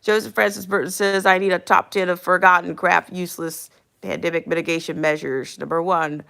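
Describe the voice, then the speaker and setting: A woman's voice: lowish voice, level tone, brisk, creaky, pushed and bright. A woman in her fifties hosting a casual live stream, reading viewer comments aloud, chuckling often and repeating phrases for emphasis. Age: 50s.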